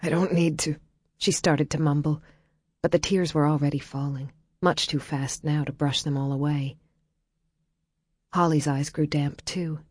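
A woman narrating an audiobook in a quiet, measured storytelling way. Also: sits low, steady tone, no echo, clean studio sound.

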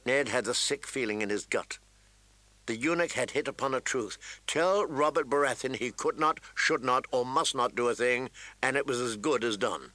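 A man narrating a fantasy novel, reading in a steady, even storytelling manner. His tone is bright and forward, and the recording is dry and close with no room sound. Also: mid-range voice, normal speed, no echo. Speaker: audiobook narrator.

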